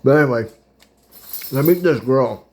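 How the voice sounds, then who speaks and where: A man's voice: mid-range voice, normal speed, darkish tone. A man in his thirties telling a rambling, chatty story about his dating past, eating while he talks and laughing at his own tale. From Pittsburgh area. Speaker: podcast host. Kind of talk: casual storytelling.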